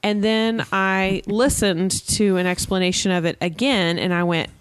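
A woman's voice: medium pitch, fairly even intonation, normal speed, smooth, no room sound. A woman in her forties co-hosting a casual parenting talk, candid and self-deprecating. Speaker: podcast co-host.

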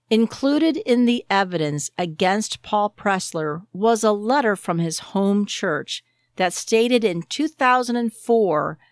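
Woman host reading a bible lesson, slow and careful, asks questions out loud, dry sound. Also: medium pitch, no room sound. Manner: measured, deliberate delivery with rhetorical questions. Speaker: podcast host. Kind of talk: scripted Bible teaching monologue.

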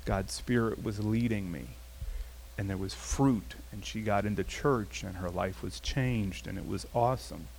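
Conversational pastor preaching with faint hiss. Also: male voice, lowish voice, unhurried, gravelly. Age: adult, past his teens. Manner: conversational, animated storytelling with acted quotes. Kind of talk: sermon with personal story.

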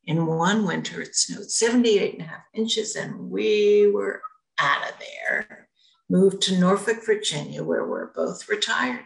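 A woman's voice: mid-range voice, a little slow, creaky, roomy sound, low-quality recording. A retired woman rabbi in her seventies chatting on a video call, telling her story in a rambling, self-correcting way. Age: 70s. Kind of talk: casual group conversation.

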